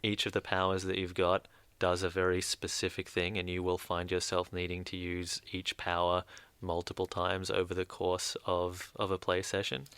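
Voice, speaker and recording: A man's voice: low voice, completely flat delivery, moderate pace, fairly bright tone, clean tone, dry recording. A man co-hosting a radio podcast in a studio, reviewing a game in casual, emphatic chat. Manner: emphatic, repeats words for effect. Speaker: podcast co-host.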